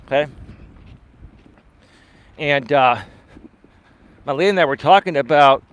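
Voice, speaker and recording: A man, a life coach, chatting live with viewers while out on a walk, swinging his pitch up and down and often asking "right?". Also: unhurried, clean tone. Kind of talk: live-stream chat answering viewer comments. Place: outdoors on a walk.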